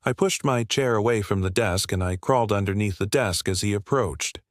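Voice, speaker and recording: A man narrating a scripted first-person horror story in a measured, even delivery. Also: on the low side, no echo, clean studio sound.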